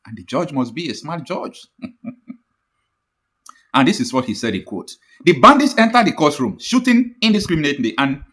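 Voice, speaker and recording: A man with a Nigerian accent reads a news article aloud and comments on it, speaking with passion and repeating his points. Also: fairly bright tone. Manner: impassioned, repetitive, with sudden rises in pitch.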